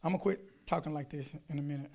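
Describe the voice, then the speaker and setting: A man preaching a sermon, repeating phrases for emphasis and reading scripture slowly, swinging between shouted fervor and quiet intensity. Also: a little high, gravelly. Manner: quotes scripture slowly and deliberately.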